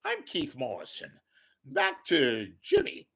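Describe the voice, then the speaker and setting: A man putting on a slow, ominous, deadpan male true-crime TV narrator. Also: medium pitch, vocal fry, slightly rough, full character voice.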